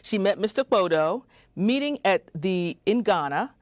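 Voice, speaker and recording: Excited woman hosting a community TV show. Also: medium pitch, measured pace, dry recording, clean studio sound. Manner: lively and excited, asides off script. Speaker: host. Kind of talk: reading a scripted introduction on a community TV show.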